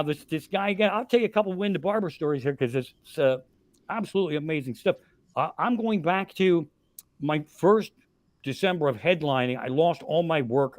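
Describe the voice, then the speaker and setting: A man in his sixties spins profane comic stories on a live podcast, getting loud on the punchlines. His voice sits a bit high, and the recording is close and dry. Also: no room sound. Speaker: comedian guest telling stories. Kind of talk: casual storytelling on a live podcast.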